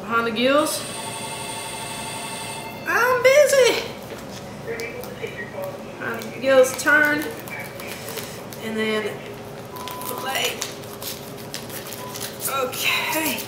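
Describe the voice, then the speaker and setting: A woman's voice: fairly high pitch, drawn-out words, pauses often. A young woman vlogger talking herself through a task in a chatty, casual way. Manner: chatty, self-coaching while working. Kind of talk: casual how-to vlog. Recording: echoey room with background noise.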